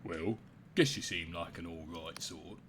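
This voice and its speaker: A man with a British accent voicing a gruff old male townsman who has lived sixty years in a ruined town, telling it in a slow, folksy way. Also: sits low, fairly bright tone, slight background noise, pitched below the performer's own voice.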